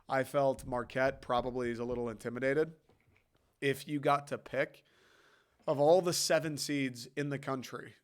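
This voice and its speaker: A man hosting a sports show, ranting bluntly and with plenty of swearing, mocking critics with quoted voices. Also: mid-range voice. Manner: blunt, profane, mocks critics in put-on voices. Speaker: sports podcast host. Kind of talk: opinionated sports rant.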